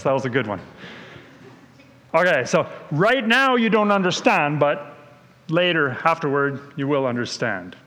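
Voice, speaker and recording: A man with a fairly high voice leads a question-and-answer review of a Bible story, conversational and explaining as he goes. The sound carries a long reverb from a hall. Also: big pitch swings, unhurried, pushed and bright. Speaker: Bible teacher.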